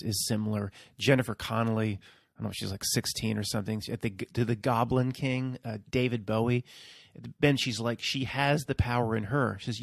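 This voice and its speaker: A man's voice: mid-range voice, no room sound, studio quality. A man hosting his own video, talking in a rambling, casual monologue and often checking in with his listeners. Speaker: video host.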